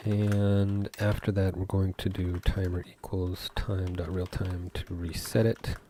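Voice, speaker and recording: A game developer talks through his code in a deep, mellow voice. He goes slowly, thinking aloud with stops and fillers, while faint keyboard typing runs behind him. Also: slight background noise. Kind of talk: live coding commentary.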